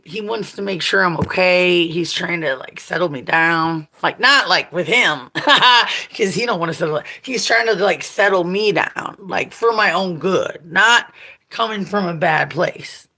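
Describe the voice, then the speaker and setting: Bright-voiced foul-mouthed woman in her forties. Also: fairly low pitch, unhurried. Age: 40s. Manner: profane, blunt, laughs often. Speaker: vlogger. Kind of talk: casual rambling monologue.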